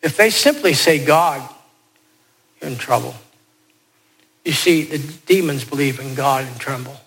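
A man's voice: medium pitch, moderate pace, gravelly, a bit bright, a little hiss or hum. A man preaching a sermon, emphatic and repeating key phrases as he urges his listeners.

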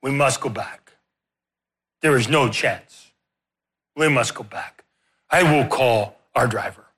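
A man's voice: medium pitch, slow, a bit bright, husky. A man voicing a worried missionary who speaks in clipped, grave statements. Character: stern foreign male missionary, worried.

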